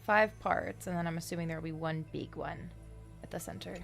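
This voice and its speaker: A woman's voice: on the low side, steady tone, fairly quick, vocal fry, soft background music. A woman streamer chatting casually and reacting on the fly while playing a story game.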